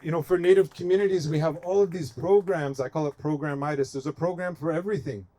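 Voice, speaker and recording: A man's voice: a little high, steady tone, fast, warm tone. Impassioned man giving a rally speech. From United States. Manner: emphatic, repetitive rhetorical cadence. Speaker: activist speaker at a protest encampment.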